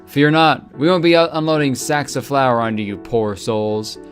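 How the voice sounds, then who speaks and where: Role: a man reading a theatrical high school teacher, dramatic, with faint game music behind. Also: normal speed, lightly acted.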